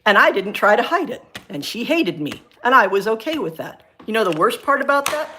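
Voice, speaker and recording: A middle-aged woman, a former science teacher, chatting on her livestream and telling a story from her school days in an animated, ranting way. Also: fairly quick, slight background noise. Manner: animated, ranting storyteller with big pitch jumps. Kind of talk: casual chat on a livestream.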